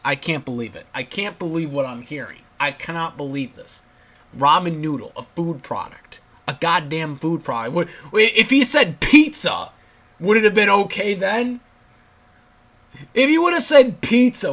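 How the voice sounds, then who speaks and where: A man's voice: medium pitch, bright, forceful tone. A young man giving an exasperated, sweary casual rant about wrestling as a channel commentator. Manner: exasperated, ranting with frequent swearing and restarts. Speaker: YouTube commentator.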